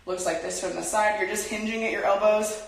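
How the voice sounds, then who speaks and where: A woman's voice: mid-range voice, steady tone, a little fast, gravelly. A young woman leading a casual home workout, chatty and out of breath as she exercises while talking. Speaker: workout instructor. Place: home room. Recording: very echoey room, from a distance.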